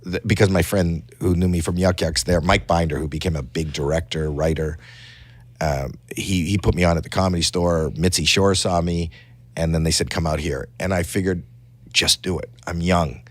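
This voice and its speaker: Middle-aged man, podcast guest, lowish voice, animated rambling stories full of restarts, dry close studio sound. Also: a little fast, dry recording. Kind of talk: casual storytelling chat.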